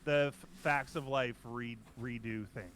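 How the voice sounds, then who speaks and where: A man's voice: mid-range voice, steady tone, unhurried, a bit bright, a little hiss or hum. A man hosting a casual art podcast, telling rambling stories with many restarts. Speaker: host.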